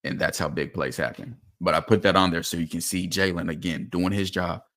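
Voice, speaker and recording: A man casually breaking down football game film, talking in a quick, animated, explanatory way. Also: sits low.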